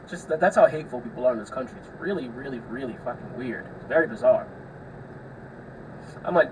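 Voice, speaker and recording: A man's voice: fairly high pitch, fast. Profane, rambling young man. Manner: profane, rambling storyteller with frequent filler words. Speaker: podcast host. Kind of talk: casual solo storytelling. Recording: distant mic with faint air-conditioner hum.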